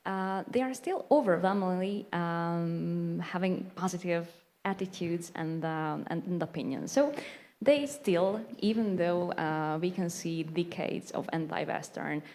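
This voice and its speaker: Woman from Hungary, lowish voice, steady explanatory panelist. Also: unhurried. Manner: explanatory, steady, repeats words for emphasis. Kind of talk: panel discussion.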